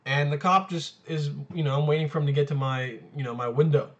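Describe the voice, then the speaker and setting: Young man, college age, a bit high-pitched, rambling casual storytelling, crude, constant swearing and fillers. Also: fast talker, a bit bright, dull audio. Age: young adult. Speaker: college student telling a story.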